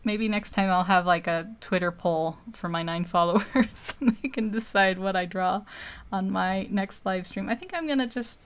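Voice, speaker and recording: A woman chatting loosely on a live stream as she draws. Her voice is smooth and clear, her talk rambling and easygoing, often broken up by little laughs. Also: medium pitch, moderate pace. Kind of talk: casual live-stream chat.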